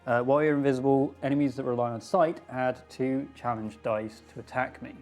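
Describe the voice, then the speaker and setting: A man playing in a tabletop game, speaking haltingly with frequent ums. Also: mid-range voice, steady tone, darkish tone, faint music behind. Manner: hesitant, starts with uh and um. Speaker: player. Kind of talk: casual tabletop play.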